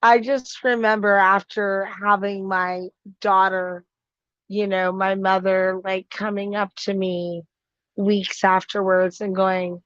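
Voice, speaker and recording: A woman sharing personal thoughts in a slow, earnest, hesitant way, with many pauses and fillers. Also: mid-range voice, level tone, fairly bright tone, clean tone, no room sound, lo-fi sound. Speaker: guest on the stream, host's partner. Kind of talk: casual conversation.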